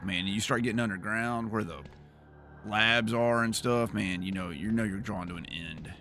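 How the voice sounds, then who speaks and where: A man's voice: fairly low pitch, a little slow, vocal fry, long pauses, pushed and bright, soft background music. A man streaming a game, chatting casually and telling funny stories he often laughs through. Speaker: gaming streamer. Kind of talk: casual storytelling while playing a game.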